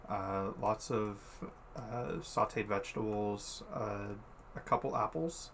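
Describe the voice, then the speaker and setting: A laid-back man running a tabletop game, narrating scenes with plenty of ums and easy laughter. His voice sits fairly low and moves slowly. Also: vocal fry, fairly bright tone, slight background noise. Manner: laid-back, many fillers, laughs easily. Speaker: game master.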